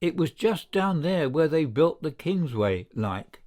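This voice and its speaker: A woman's voice: big pitch swings, a little slow, a little mellow. A man putting on a nasal, whining old pub woman. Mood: shrill. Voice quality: high, nasal whine. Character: shrill, whining older London pub woman.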